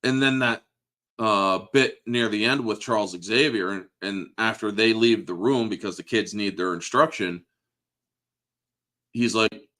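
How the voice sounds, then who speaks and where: A man's voice: on the low side, unhurried, bright, forceful tone. A man in his thirties chatting casually about a movie, emotional and profane, laughing often. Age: 30s. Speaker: podcast host. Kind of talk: casual movie review chat.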